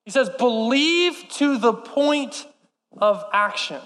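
Male preacher, high-pitched, passionate sermon delivery, recorded in a reverberant hall. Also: lively intonation, slow pace, a bit bright. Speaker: pastor.

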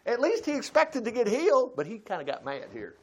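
Male preacher, high-pitched, folksy sermon delivery with loud-to-quiet swings. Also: huge pitch swings, fairly quick, breathy edge.

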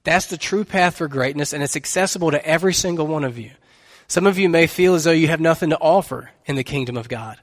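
A man's voice: on the high side, fast talker, in a large hall. A man preaching a sermon as pastor, telling a story in an earnest, conversational way.

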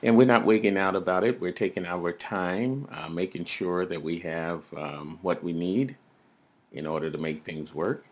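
A man's voice: low voice, steady tone, moderate pace. A male preacher giving a recorded teaching sermon, emphatic and often asking his listeners questions.

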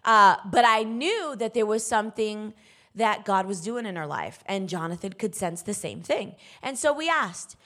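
A woman's voice: medium pitch, lively intonation, moderate pace, fairly bright tone. A woman minister giving a conversational sermon, candid and emphatic, speaking straight to her listeners.

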